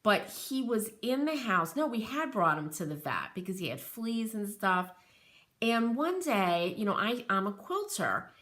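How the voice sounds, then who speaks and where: Bright-voiced chatty American craft host. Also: female voice, mid-range voice, sing-song, measured pace. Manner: chatty, rambling, reads out viewer comments. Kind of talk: live crafting stream, chatting with viewers.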